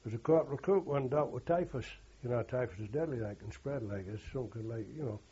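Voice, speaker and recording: A man's voice: mid-range voice, fast, dark tone, husky. An older man, a war veteran telling rambling oral history anecdotes and quoting others with "he says". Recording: dull lo-fi recording.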